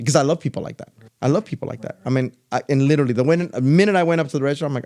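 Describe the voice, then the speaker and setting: A man's voice: mid-range voice, very fast. A middle-aged man and podcast co-host telling a story in casual chat, acting out other people's lines as he goes. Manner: animated, loose storyteller who acts out other people's lines.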